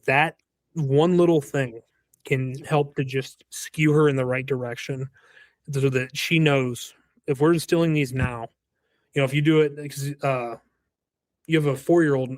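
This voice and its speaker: A man's voice: mid-range voice, steady tone, normal speed, no echo. Male guest, 30s, earnest storyteller, restarts often, dry sound. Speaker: guest, roofing business owner. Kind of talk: casual podcast chat.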